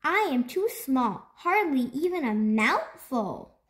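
A woman's voice: high-pitched, sing-song, takes it slowly, exaggerated voice. A woman voicing a small, brave and clever male owl knight in a storybook reading, speaking in an earnest, reasoning tone.

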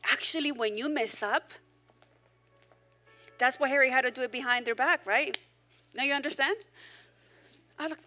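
A woman pastor gives a lively, conversational sermon and slips in joking asides. Her voice sits a little high and sounds bright and forceful. Faint music plays softly behind her. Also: normal speed, pauses often.

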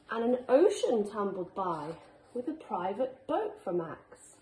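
A woman teacher reading a picture book aloud to children in a slow, expressive storytelling manner, in a school classroom. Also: medium pitch, a little hiss or hum. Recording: echoey room.

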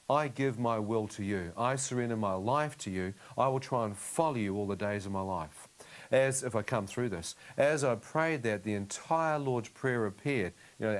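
A man telling his story in a loose, conversational way, often checking in with "you know what I mean". He slips into his own remembered prayers as he speaks, at a middle pitch. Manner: relives the scene, acting out his own inner prayers. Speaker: guest giving a testimony.

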